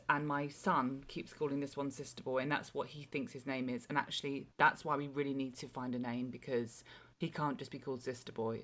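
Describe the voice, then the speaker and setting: A woman, a podcast co-host who has just given birth, talking frankly and wryly in a tired way. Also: extremely low pitch. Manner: frank, wry and joking, trailing off softly. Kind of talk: casual chat.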